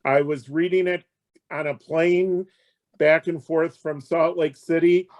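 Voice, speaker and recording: A man's voice: a little high, fairly even intonation, unhurried, darkish tone. A man in a book club discussion, giving a frank opinion. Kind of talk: casual discussion.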